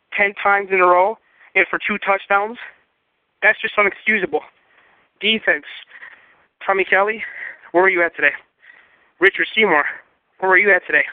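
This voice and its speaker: A man's voice: sits high, no echo. A man phoning in a frustrated sports rant, firing pointed rhetorical questions. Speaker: caller. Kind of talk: fan voicemail rant. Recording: dry tinny phone line.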